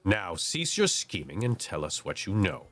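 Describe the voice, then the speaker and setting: Man doing a pompous gentleman with a British put-on. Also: low voice, big pitch swings, normal speed, full character voice. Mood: menacing.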